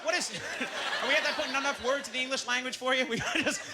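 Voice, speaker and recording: A man from Canada doing a stand-up comedy set, fast and animated, jumping into shouts. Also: very high voice, heavy background noise. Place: comedy club stage with audience. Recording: stage mic with loud audience laughter.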